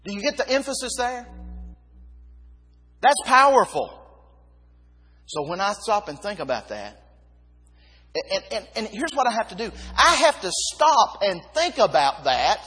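A man preaching a sermon, emphatic, dropping low and quiet then rising again. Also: sing-song, measured pace, pauses often, breathy edge. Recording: long reverb of a hall.

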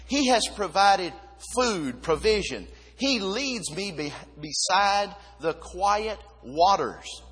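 Male preacher, sermon, emphatic repetition, lively rising and falling pitch, slightly high voice, long hall reverb. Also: husky. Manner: emphatic, repeats key words, pauses between phrases.

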